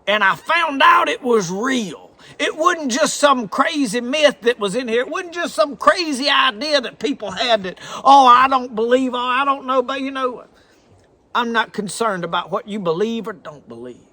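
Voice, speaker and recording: A man's voice: extremely high pitch, animated, normal speed, sharp tone. A man with a thick Southern drawl preaching a folksy, earnest sermon. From American South.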